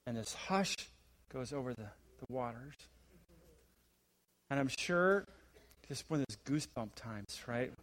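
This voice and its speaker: A middle-aged man preaching a sermon as a visiting pastor, building to emphatic, rising questions and then dropping to a quiet, hushed delivery. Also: lively intonation, measured pace, long pauses. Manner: swings between rising, emphatic preaching and hushed, low asides.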